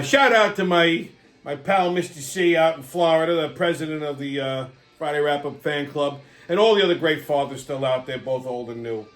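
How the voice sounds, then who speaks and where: A man's voice: a little high, fairly bright tone. A middle-aged man, hosting a casual, profane, rambling monologue. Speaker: host.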